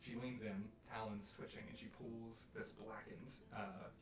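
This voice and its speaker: A man running a tabletop game as game master, narrating scenes vividly and slowing down for eerie descriptions. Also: fairly low pitch, little pitch movement. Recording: roomy, distant mic with music.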